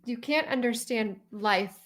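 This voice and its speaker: A woman's voice: a little high, measured pace, very noisy. A woman co-hosting a podcast, speaking emphatically in casual chat. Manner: animated, emphatic. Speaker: podcast co-host.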